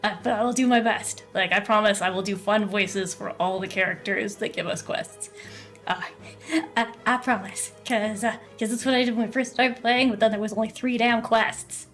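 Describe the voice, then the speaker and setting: A woman's voice: mid-range voice, moderate pace, fairly bright tone, faint music behind. A woman game streamer chatting casually with her viewers and teammate while she plays, bubbly and full of fillers and frequent laughter. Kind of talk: casual live-stream chat while gaming.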